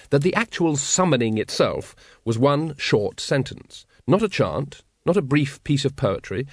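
A man's voice: medium pitch, no room sound. Man narrating a comic fantasy audiobook, dry. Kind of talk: scripted narration.

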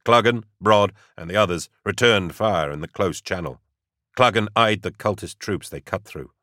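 A man narrating an audiobook in a steady, dramatic way. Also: low-pitched, moderate pace, dry recording, clean studio sound.

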